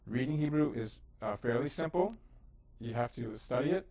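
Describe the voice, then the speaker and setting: This man's voice is medium in pitch, expressive and dark, moving at a moderate pace. Hosting a lesson on the Hebrew alphabet, he explains the letters and sounds out syllables with easy patience and plenty of fillers.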